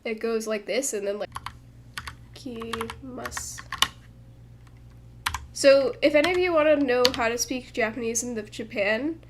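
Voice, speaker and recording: Translating a manga on stream, this woman speaks fairly quickly with few pauses, her voice on the high side. The commentary is casual, full of fillers, restarts and thinking aloud, recorded on a desk mic at home with background noise.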